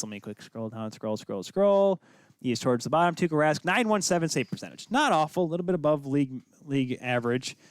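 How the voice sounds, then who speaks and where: Fired-up male podcaster with a lively high voice. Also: no echo. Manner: heated, emphatic, rapid-fire rhetorical questions. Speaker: podcast co-host. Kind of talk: casual sports podcast rant.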